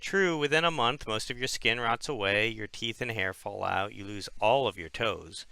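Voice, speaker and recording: A man's voice: lowish voice, normal speed, gravelly, pushed and bright, smooth, no room sound. A male podcast co-host reading a children's gamebook aloud and chatting casually.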